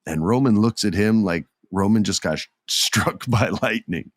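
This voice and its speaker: Recapping a wrestling event on his podcast, this host, an adult with kids, acts out quotes and tells the story with lively, casual energy. He has a fairly low-pitched voice at a moderate pace. The audio is studio quality with no room sound.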